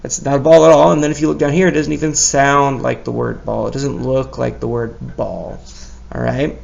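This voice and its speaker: A man's voice: mid-range voice, level tone, moderate pace, vocal fry, a little mellow. A male teacher giving a recorded spelling lesson for young children, patient and encouraging as he sounds out each letter and praises often.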